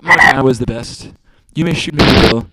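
A man's voice: medium pitch, moderate pace, very noisy, lightly acted. A man playing a taunting vengeful convict. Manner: taunting, mocking laughter. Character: vengeful knife-wielding male convict, menacing. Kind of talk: 1940s radio acting.

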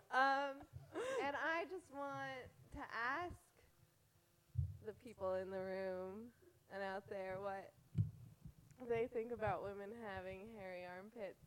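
Young woman, casual chat, slow, halting and giggly delivery. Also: medium pitch, steady tone, fairly bright tone, rough recording.

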